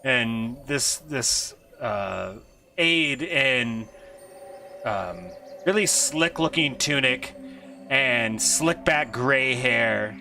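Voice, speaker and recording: Game master guy, animated, swears and laughs a lot, bouncy pitch. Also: very slow, slight background noise. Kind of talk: narrating a tabletop game over a voice call.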